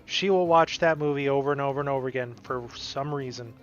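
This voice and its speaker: A man's voice: medium pitch, quick pace. A man co-hosting a live stream, chatting casually and telling a rambling story with many restarts and asides. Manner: rambling, self-interrupting storyteller. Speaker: stream co-host. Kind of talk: casual chat. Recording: dull lo-fi stream audio with music.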